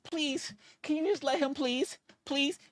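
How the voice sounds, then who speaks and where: A man voicing a desperate captive woman who stammers and begs her emperor in a breathless falsetto. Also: a little slow, fairly bright tone, no room sound, clean studio sound. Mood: pleading.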